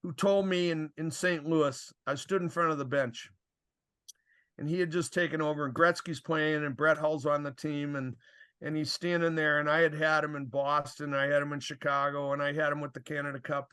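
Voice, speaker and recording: Older man telling animated hockey stories. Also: fairly high pitch, normal speed, clean tone. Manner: animated storyteller, acts out quoted exchanges, chuckles often. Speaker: podcast guest, former referee. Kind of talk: casual storytelling chat.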